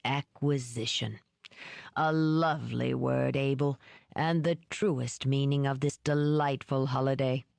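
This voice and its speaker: A woman voicing a vain, cruel older male villain with a smooth, genteel voice that turns icy. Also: very deep voice, steady tone, no room sound, pitched below the performer's own voice, heavily acted. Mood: silky menace. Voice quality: smooth, warm then icy. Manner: slow, menacing, genteel.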